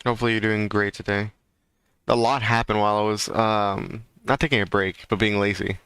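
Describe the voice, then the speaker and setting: A man's voice: fairly low pitch, flat delivery, a little fast, a bit bright, smooth, no echo. A man chatting casually on a livestream, rambling and ranting with lots of fillers. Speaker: streamer.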